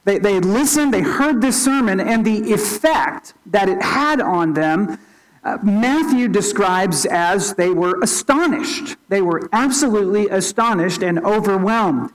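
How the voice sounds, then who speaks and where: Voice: expressive, unhurried, rough recording. A pastor giving a sermon in an earnest teaching tone, often restarting and repeating small words. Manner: opens with a quiet, low spoken prayer.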